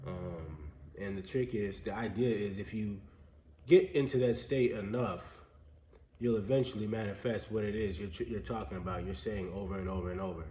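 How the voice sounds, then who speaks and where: A man's voice: fairly low pitch, moderate pace. Stuffy-nosed man in an echoey room. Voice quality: nasal. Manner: relaxed, rambling with fillers. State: stuffy nose from sinus trouble. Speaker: co-host. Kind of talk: casual motivational talk. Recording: echoey room with faint ambient noise.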